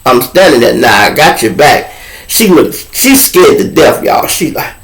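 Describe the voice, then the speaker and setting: A man's voice: mid-range voice, measured pace. A man hosting a live show, telling a story casually to viewers and acting out every voice in the exchange. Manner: animated, acts out voices in dialogue, heavy profanity. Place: at home with a lamp nearby.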